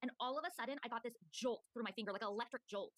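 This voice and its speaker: A woman's voice: on the high side, no echo, studio quality. A woman in casual chat, telling a story with lots of fillers. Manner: rapid, animated, many fillers. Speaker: podcast co-host telling stories.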